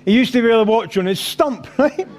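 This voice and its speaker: A middle-aged Scottish stand-up comedian performs a live set in a rugby club function room, boisterously telling rowdy, sweary stories and slipping into character voices. His voice is extremely high-pitched and expressive, and he talks fairly quickly.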